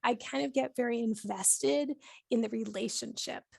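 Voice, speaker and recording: A woman's voice: fairly high pitch, moderate pace, creaky, slightly rough, no echo, studio quality. A woman telling a personal story in a casual interview, chatty and full of "like" and "you know". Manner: chatty, heavy use of "like" and "you know", laughs often. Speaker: podcast host and cookbook author, interviewed.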